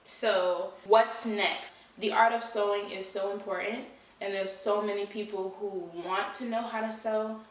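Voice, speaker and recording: A woman's voice: mid-range voice, steady tone, unhurried, hardly any pauses, recorded from a distance. A young woman vlogging candidly and earnestly about her life, talking in a loose conversational way with lots of "you know" and "like". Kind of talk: candid personal vlog. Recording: very echoey room, voice away from mic.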